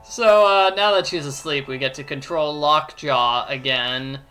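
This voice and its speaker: A man's voice: a little high, a little slow, bright, forceful tone, smooth, soft background music. A man giving a playful walkthrough of an adventure game, explaining each step and joking along. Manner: playful, explains steps, jokes and does voices. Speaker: let's play commentator.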